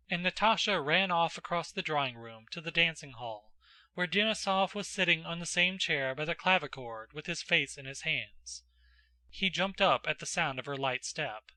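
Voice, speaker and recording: A man narrating a classic novel as an audiobook in a measured, even storytelling manner. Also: a little high, no room sound.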